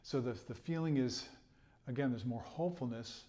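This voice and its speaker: A man of medium pitch and dark tone walks through a music lesson at a moderate pace, patiently covering trumpet rhythm and phrasing. Now and then he chuckles between points or sings a rhythm aloud.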